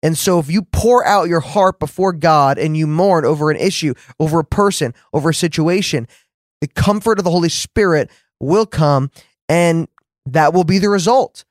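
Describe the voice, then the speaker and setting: A man hosting a faith podcast, teaching in an earnest, conversational way and acting out his own words with lively shifts. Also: a little high, normal speed, no room sound, studio quality. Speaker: podcast host and preacher.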